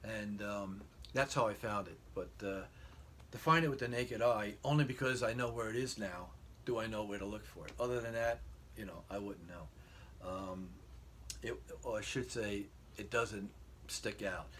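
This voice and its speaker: A man's voice: fairly low pitch, normal speed, fairly bright tone, a little hiss or hum. A middle-aged man chatting casually as a guitar vlogger, rambling with lots of fillers. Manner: rambling, hesitant with many fillers. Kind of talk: casual storytelling. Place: bedroom.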